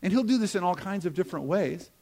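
Middle-aged male pastor, chatty sermon, slightly high voice, jokey asides, drops to near-whispers. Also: lively intonation, quick pace, vocal fry, husky. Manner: conversational, self-deprecating asides, swings from emphatic to hushed.

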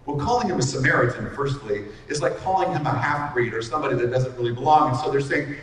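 A middle-aged man preaching an expository sermon, earnest and slowing down to stress key lines. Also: medium pitch, slight background noise. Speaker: pastor. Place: large hall with long reverb. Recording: echoey hall from far off.

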